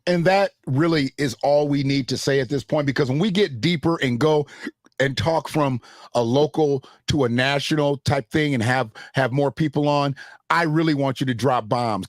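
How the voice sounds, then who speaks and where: A man hosting an interview show, talking in an animated, casual, slangy way. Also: mid-range voice, normal speed, no echo, clean studio sound. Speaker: podcast host.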